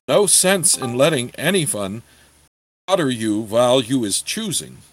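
A man voicing a greedy old dwarf weaponsmith who talks slowly in a thick accent with broken grammar, matter-of-fact and a bit cross. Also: mid-range voice, very animated. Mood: gruff.

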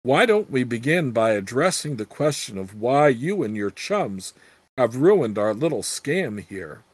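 A man's voice: medium pitch, sing-song, measured pace, slightly rough, dry recording. A man voicing a crude, scheming old female witch with brash, earthy talk.

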